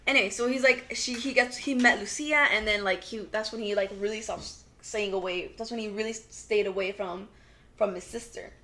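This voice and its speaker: A young adult woman co-hosting a podcast, casually recapping a TV drama in a rambling, animated way full of "like" fillers. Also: mid-range voice, brisk. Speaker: podcast co-host.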